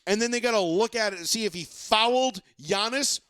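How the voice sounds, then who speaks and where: A man's voice: sits high, brisk, a bit bright, clear, resonant tone, no room sound. A man hosting a casual sports talk podcast, ranting and swearing, mocking fans, into a close mic. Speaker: podcast host.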